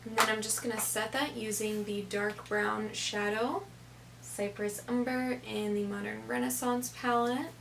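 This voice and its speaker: A woman's voice: a little high, level tone, a little slow, gravelly, background noise. A young woman casually narrating a makeup tutorial step by step, chatty with lots of "kinda, like".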